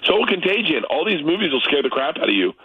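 A man's voice: quick pace, slightly rough, dry recording. Laughing storyteller man on a dull line. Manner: loose, laughing storyteller, big pitch jumps when excited. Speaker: comedian guest. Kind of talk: casual radio interview by phone. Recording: muffled lo-fi line.

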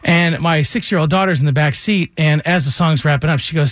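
A man's voice: on the high side, a little fast, few pauses, fairly bright tone, dry recording, studio quality. A man in his thirties, a show host, telling an emotional personal story in casual chat. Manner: earnest, emotional, laughing through a story.

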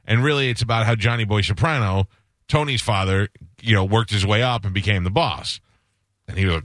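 A man's voice: fairly low pitch, a little fast, fairly bright tone, dry recording, clean studio sound. A man hosting a radio show, chatting casually and telling rambling stories, acting out the voices of the people he quotes.

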